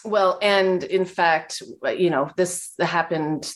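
A woman guest in an interview, speaking candidly and reflectively with halting pauses. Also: lowish voice, steady tone. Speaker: guest, movement instructor. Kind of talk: conversational interview.

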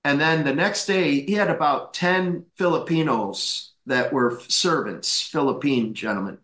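A man in his fifties, a guest chiropractor, telling animated anecdotes, laughing often and acting out the voices in his stories. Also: a little high, measured pace, reverberant. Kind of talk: anecdotal storytelling.

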